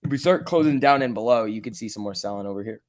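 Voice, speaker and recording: A man hosting a live stock trading stream, reading chat questions aloud and muttering about charts, then bursting out excitedly when prices move. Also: mid-range voice, fast talker. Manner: casual, swings from mutters to excited outbursts. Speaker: stock trading livestream host.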